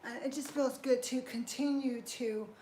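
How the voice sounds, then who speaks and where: Warm and high, a woman's voice holds fairly even intonation at a normal speed. She's a fitness trainer chatting and encouraging through a live workout while exercising in an indoor space. The room sounds echoey, with a little faint noise.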